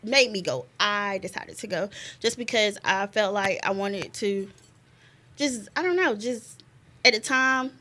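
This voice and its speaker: A young woman, a guest telling a personal story in an animated way, laughing often and repeating words. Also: mid-range voice, a little slow. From North Carolina, US. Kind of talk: casual conversation, personal story.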